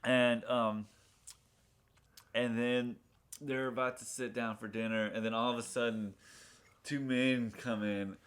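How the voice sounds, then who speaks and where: A man's voice: medium pitch, steady tone, unhurried, pauses often, fairly bright tone, clean tone. Rambling man retelling a TV episode. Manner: rambling retelling full of fillers, acting out lines from the show. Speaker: podcast co-host reviewing a TV pilot. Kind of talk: casual chat.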